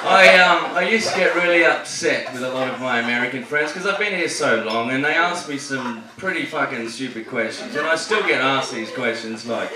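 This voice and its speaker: A man's voice: mid-range voice, animated, normal speed, hardly any pauses, crowd noise. A man with an Australian accent doing a brash, profane stand-up comedy set on a club stage. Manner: brash and profane, punchy delivery. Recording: echoey club from a distance, noisy.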